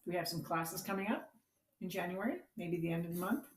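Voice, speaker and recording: A woman co-hosting a live stream, quietly reading viewer comments aloud. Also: lowish voice, brisk, reverberant. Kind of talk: casual chat.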